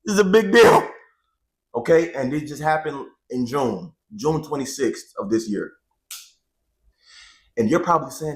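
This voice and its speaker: A man in his twenties talking to viewers in a casual, animated testimony, repeating phrases for emphasis, into a handheld microphone. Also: medium pitch, normal speed, long pauses, husky. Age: 20s. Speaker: vlogger.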